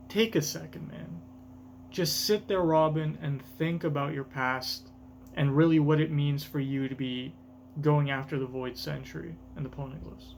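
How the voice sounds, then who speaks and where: A man's voice: a little high, slight background noise. A young man thinking aloud in casual reaction commentary, rambling with lots of fillers. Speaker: manga reaction host.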